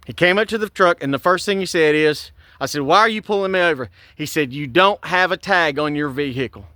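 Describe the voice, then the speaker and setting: Guy venting outside about a traffic stop, keeps repeating himself, kinda high-pitched. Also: a little fast, pushed and bright, dry recording, studio quality. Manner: agitated, indignant, repeats himself. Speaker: vlogger recounting a police stop. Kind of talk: angry personal vlog.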